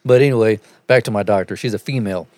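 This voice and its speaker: A man's voice: lowish voice, fast talker, a little mellow, no room sound. A man hosting a podcast, telling crude stories with lots of swearing and laughter. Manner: profane, laughing storyteller. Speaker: podcast host. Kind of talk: casual crude podcast banter.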